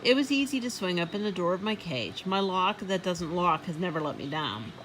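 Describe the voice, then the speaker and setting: A woman reading a children's book aloud in an expressive, animated way. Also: lowish voice, a little fast, faint music behind, low-quality recording. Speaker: storybook reader.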